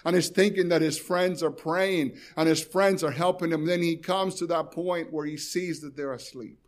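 Impassioned male preacher, fairly high voice. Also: steady tone, normal speed. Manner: pleading, rising and falling in intensity; addresses listeners directly and repeats phrases for emphasis. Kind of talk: sermon.

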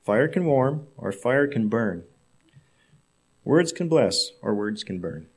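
A male preacher delivering a sermon, telling a story in measured, emphatic phrases. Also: mid-range voice, sing-song.

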